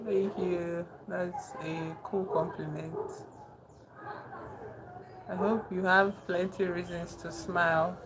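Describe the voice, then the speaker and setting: A young woman chatting casually with her live-stream chat, soft-spoken and calling herself very emotional. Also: fairly low pitch, flat delivery, slow. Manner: soft-spoken, thanks chat warmly, says she is very emotional. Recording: noticeable background noise.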